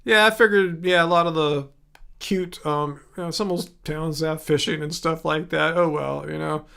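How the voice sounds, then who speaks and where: A man hosting a casual livestream from his home studio, chatting with viewers and reading their comments aloud, thinking out loud with frequent restarts. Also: fairly high pitch, fairly even intonation, normal speed, gravelly, clean tone. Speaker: livestream host.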